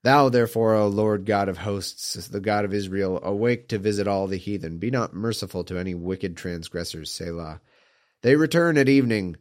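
A slightly hoarse man reading old scripture aloud and breaking off into mocking, incredulous asides. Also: fairly low pitch, moderate pace.

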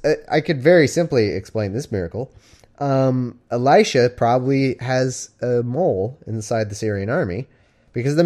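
Casual male streamer, lowish voice, reads scripture and riffs on it with sarcastic, rambling asides. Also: darkish tone. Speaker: live-stream host. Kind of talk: casual scripture reading with commentary.

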